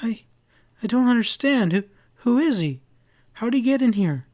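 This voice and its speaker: A man reading aloud and voicing a frightened young woman accused of murder, high and faltering. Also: animated, normal speed, a little mellow. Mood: bewildered.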